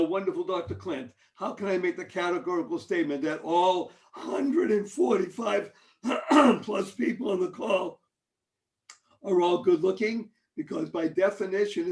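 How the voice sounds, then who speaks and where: A man's voice: high voice, a little mellow. A man speaking as a guest on an online call, giving a playful motivational talk that opens with flowery greetings.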